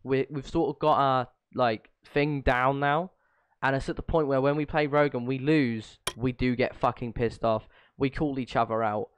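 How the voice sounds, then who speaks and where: A man co-hosting a podcast in casual chat, swearing freely and laughing often as he talks in quick bursts. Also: mid-range voice, steady tone, slight background noise. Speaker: podcast co-host.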